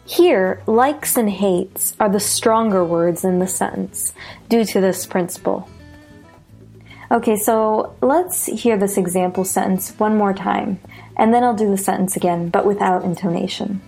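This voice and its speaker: A woman with an American accent teaching pronunciation, slowly repeating example sentences and stressing the key words. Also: mid-range voice, gravelly, darkish tone, soft background music. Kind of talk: slow, deliberate lesson with spoken examples.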